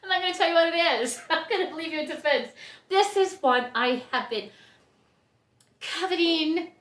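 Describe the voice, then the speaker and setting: Her voice is extremely high and fairly bright, delivered at a moderate pace in an echoey room. She's an Ohio orchid grower and vlogger, unboxing plants in a casual, gushing way, often laughing and gasping with delight.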